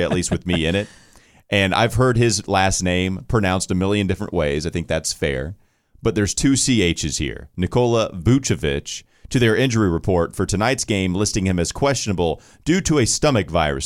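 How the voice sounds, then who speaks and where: A man with a notably deep, low voice co-hosts a basketball podcast in relaxed, chatty talk. He laughs easily and stumbles over hard names. The sound is dry and close. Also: no room sound. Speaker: podcast co-host. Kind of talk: casual sports podcast chat.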